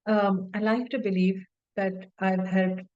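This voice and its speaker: A woman's voice: medium pitch, level tone, a little slow, darkish tone, dry recording, highs cut off. A woman teaching as a medical exam tutor in a conversational way, repeating words for emphasis and often saying "you know". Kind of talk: informal teaching talk.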